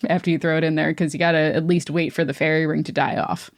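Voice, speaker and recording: A woman's voice: low voice, fairly even intonation, quick pace. A woman co-hosting a podcast, relaying folklore in a chatty, lightly amused way. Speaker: podcast co-host. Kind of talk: casual chat.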